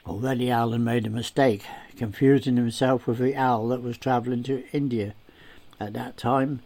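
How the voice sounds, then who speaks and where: A man reads a story aloud, narrating in a steady, unhurried way. His delivery is plain and even, with a mid-pitched voice. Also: vocal fry.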